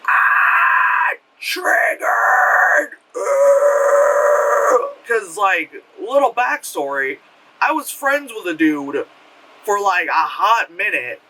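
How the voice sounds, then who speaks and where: A man with a high, very bright voice talks through a movie in an animated, rambling way, stacking up "like" and swearing freely. He sounds a little far from the mic, with a faint hiss behind him. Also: takes it slowly. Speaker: movie reviewer. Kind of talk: casual spoken film review.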